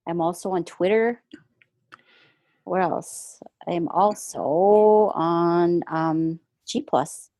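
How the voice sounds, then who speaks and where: A woman's voice: on the low side, extremely slow, warm tone, dry recording. A woman from Quebec, an artist guest, chatting in an easygoing way and laughing often. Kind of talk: casual interview chat.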